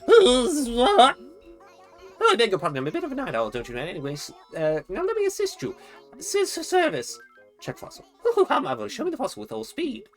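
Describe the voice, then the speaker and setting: Streamer putting on a prim male owl curator from a video game, high and swooping, gushing over fossils. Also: wildly swooping pitch, a little fast, soft background music. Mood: delighted. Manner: prim, old-fashioned, exclaiming, rambling about fossils. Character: fussy chatty male owl museum curator. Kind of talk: reading game dialogue aloud in a voice.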